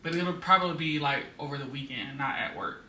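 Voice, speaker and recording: A woman's voice: very deep voice, a little fast, bright, forceful tone. A young adult woman vlogging in a casual, chatty way, venting with frequent fillers. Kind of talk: casual chat. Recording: roomy distant mic with background noise.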